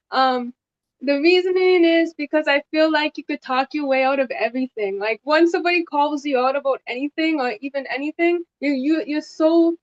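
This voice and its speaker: A woman's voice: sits high, no echo, dull audio. A woman on a video call, a game contestant explaining her votes hesitantly as she searches for words. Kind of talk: casual game talk.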